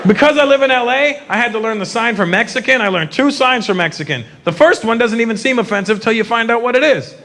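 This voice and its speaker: Animated male stand-up comedian, bright and lively. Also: very high-pitched, fast talker, hardly any pauses. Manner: animated, teasing crowd work. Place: stage before a live audience.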